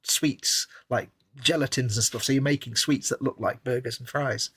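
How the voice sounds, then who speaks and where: A man with a husky, slightly breathy voice and an average pitch. He rambles along in a loose, wry, chatty way, co-hosting a relaxed live stream. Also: moderate pace, no echo. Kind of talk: casual chat while building models.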